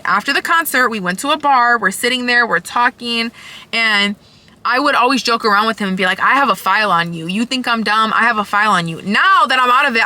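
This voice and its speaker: A young woman's high, bright voice tells her story to the camera. She talks in heated, emphatic bursts and swears freely, with a sharp edge to her tone. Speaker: vlogger. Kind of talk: storytime vlog.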